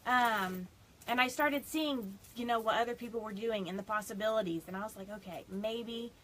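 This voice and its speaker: A woman's voice: a little high, brisk, fairly bright tone, a little hiss or hum, rough recording. A woman chatting casually on a phone live stream from her home, rambling and fighting back tears. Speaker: direct sales consultant. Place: home on a small farm.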